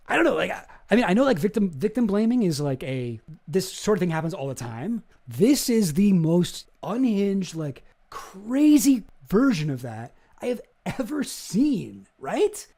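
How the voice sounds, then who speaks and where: Indignant, swearing male streamer. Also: sits high. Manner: animated, profane and indignant. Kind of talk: reacting to deposition footage.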